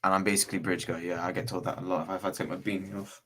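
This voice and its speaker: A man's voice: low-pitched, flat delivery, very fast, fairly bright tone, slight background noise. A man from Bristol, England, chatting casually as a guest on a video call livestream, rambling and slangy with many restarts. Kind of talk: casual chat.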